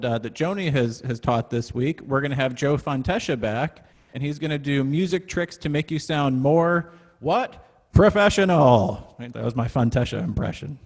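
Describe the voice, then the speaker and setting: A man of middling pitch talks through a class's upcoming schedule in a chatty, upbeat way, stopping often on small fillers. His voice comes over a video call. The room around him rings with a long, echoing reverb. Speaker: music center staff host. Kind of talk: casual class announcements.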